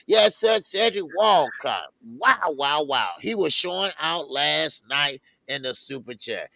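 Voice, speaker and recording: A man's voice: a little high, gravelly, no room sound. A man co-hosting a live boxing talk stream, chatting casually and greeting viewers one by one in the chat. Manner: shouts out viewers with lively, drawn-out greetings. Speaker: boxing show co-host.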